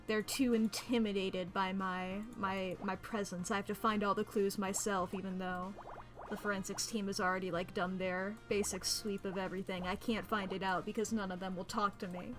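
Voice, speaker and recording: A woman's voice: mid-range voice, level tone, moderate pace, over music. A woman streaming a puzzle game, chatting in a playful, rambling way and laughing often. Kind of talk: casual gameplay commentary.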